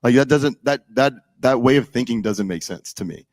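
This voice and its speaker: A man's voice: medium pitch, moderate pace, a little mellow, dry recording. A young man in casual political chat, rambling with many "like"s and restarts.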